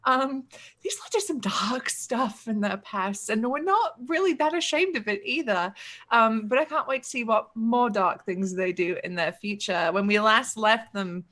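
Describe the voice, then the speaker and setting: A woman's voice: fairly high pitch, expressive, unhurried, fairly bright tone. A woman narrating as game master of a tabletop game, upbeat and swearing freely, with plenty of ums.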